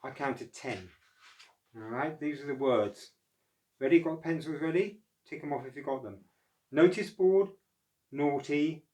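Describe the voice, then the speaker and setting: A man's voice: mid-range voice, darkish tone, poor audio. A man teaching and reading stories to children in an upbeat, teacherly way.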